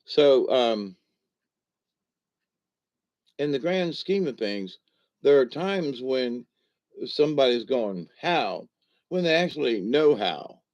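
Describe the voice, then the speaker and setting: Slow, rambling older man. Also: mid-range voice, animated, a little mellow. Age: 60s. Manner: folksy, meandering, digressive. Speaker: vlogger. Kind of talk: rambling casual monologue. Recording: dull lo-fi recording.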